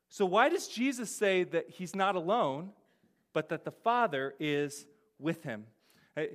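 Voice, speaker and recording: A man preaching a sermon in a conversational way, often asking "right?", laughing softly and repeating words as he restarts. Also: sits high. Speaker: pastor.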